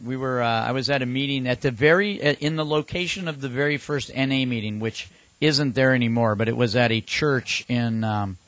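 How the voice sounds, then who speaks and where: A man's voice: medium pitch, brisk, hardly any pauses, a bit bright, no echo, low-quality recording. A man co-hosting a casual talk show, telling rambling anecdotes and acting out quotes. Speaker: podcast co-host. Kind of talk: casual chat.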